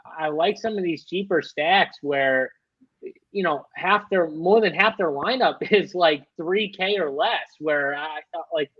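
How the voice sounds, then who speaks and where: A man's voice: a little high, unhurried, slightly rough, no echo, lo-fi sound. A man talking through fantasy baseball picks on a live show in a loose, rambling way, with lots of fillers. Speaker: fantasy sports analyst. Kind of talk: casual live-show chat.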